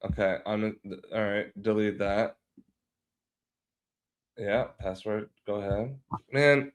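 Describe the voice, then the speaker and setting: A man's voice: lowish voice, takes it slowly. A man chatting casually on a live stream while he works, muttering to himself and swearing offhandedly, sounding a little stuffy from pollen. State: sounds a bit sick from pollen. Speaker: livestreaming video editor.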